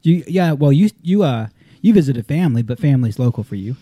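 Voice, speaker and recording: A man's voice: mid-range voice, animated, fairly quick, dry recording, muffled recording. A male podcast host in loose, joking casual chat.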